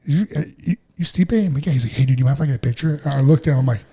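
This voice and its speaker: A man's voice: fairly high pitch, warm tone, husky. A middle-aged man telling stories in a laid-back casual chat as a podcast co-host. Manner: storytelling, laid-back, quick.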